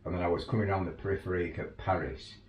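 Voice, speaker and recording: A man's voice: low-pitched, flat delivery, rapid-fire, darkish tone, slight background noise. A man who works as an overland tour guide, casually telling stories and laughing through them. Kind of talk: casual anecdotal storytelling. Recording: roomy, distant mic, faint ambience.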